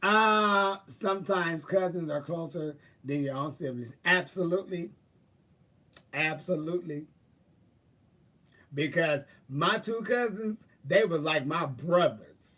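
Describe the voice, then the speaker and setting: Hosting a live stream, a man chats casually with viewers, sassy and profane, tossing off drawling asides as he answers them. His voice sits fairly high and sharp, he talks slowly, and he's far from the mic.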